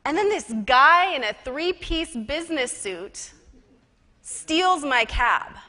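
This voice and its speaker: A woman giving a personal storytelling talk at a conference, chatty and lively, with casual fillers. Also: sits high, takes it slowly. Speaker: conference speaker and professional psychic. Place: conference stage in a large hall. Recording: reverberant conference hall.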